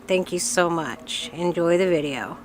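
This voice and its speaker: A woman with a fairly low voice opens her channel in a chatty, friendly way. She sounds sick, with some strain in her voice, and faint background noise. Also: unhurried. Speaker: channel host. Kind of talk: casual reaction-video intro.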